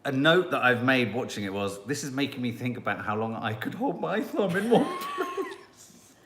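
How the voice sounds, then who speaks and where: A man's voice: medium pitch, huge pitch swings, normal speed, background noise. Man, middle-aged, wry, laughing, live TV review chat, echoey room. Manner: wry, laughing, reads out his own notes. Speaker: co-host of a live review show.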